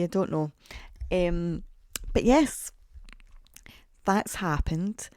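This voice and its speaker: In clean studio sound with no room sound, a podcast host in her forties rambles through self-deprecating, chatty stories. Her fairly low voice is a little mellow and animated, and she speaks very slowly.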